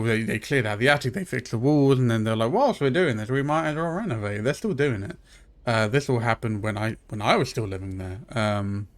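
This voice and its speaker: Man, casual stream chat, rambling, gushing asides, average pitch. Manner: rambling storyteller, many fillers and restarts. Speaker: live streamer.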